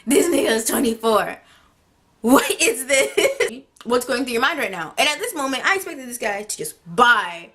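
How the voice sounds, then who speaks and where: A woman's voice: on the high side, a little fast, hardly any pauses. A teenage girl telling a story on her vlog, acting out a text conversation and laughing as she goes. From United States. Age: teens. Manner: animated, laughing, acts out text exchanges. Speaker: vlogger.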